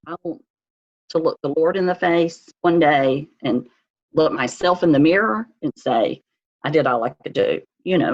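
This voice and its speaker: A middle-aged woman speaks as a podcast guest in a gentle, earnest, reflective way. Her voice is husky. The recording sounds dull and muffled. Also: deep voice. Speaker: guest, the host's mother. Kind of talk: casual interview.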